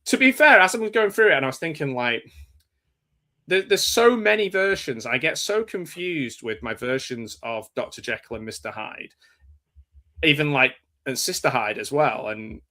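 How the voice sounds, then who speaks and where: An English man talks film in a loose, meandering way, circling back on himself and joking at his own expense. His voice is bright and forward. It's a relaxed, casual podcast chat. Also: on the high side. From England. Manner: rambling, self-deprecating, quick jokes. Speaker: podcast co-host.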